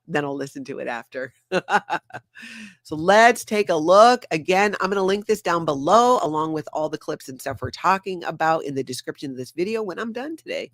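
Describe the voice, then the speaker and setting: A woman's voice: low voice, dry recording. Brief: upbeat woman host, casual stream chat, dry close sound. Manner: bubbly, laughs often, reads chat aloud. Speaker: show host.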